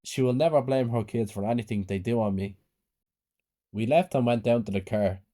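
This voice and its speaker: A man narrates a scripted horror story in a plain, low-key reading. His tone is mellow and dark, and his pitch sits in an ordinary middle range. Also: normal speed.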